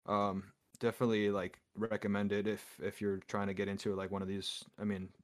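A man's voice: fairly low pitch, monotone, fairly quick. A man co-hosting a podcast, talking casually and rambling with lots of fillers. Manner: rambling, heavy use of fillers like "you know". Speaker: podcast co-host. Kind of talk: casual chat.

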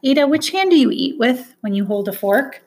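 A woman voicing a firm, educated woman guardian who speaks with crisp, commanding diction. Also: sits high, lively intonation, normal speed, a little mellow, pitched above the performer's own voice. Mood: patient. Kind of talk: audiobook character voice.

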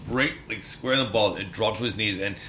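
Bright-voiced man telling wild stories. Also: on the low side, brisk. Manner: animated storyteller, swears freely, laughs mid-story. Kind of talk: casual podcast chat.

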